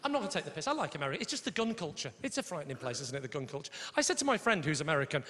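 Cheeky high-voiced male stand-up comic. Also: racing, hardly any pauses. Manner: cheeky, animated, shouts punchlines and mimics voices. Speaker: stand-up comedian. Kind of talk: stand-up routine with crowd work. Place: large comedy venue on stage. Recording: echoey live venue, audience noise.

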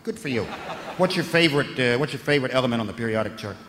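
An American man doing a stand-up comedy set on a club stage, profane and ranting, often rising into loud shouts. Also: mid-range voice, expressive, rapid-fire, in a large hall, heavy background noise. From United States.

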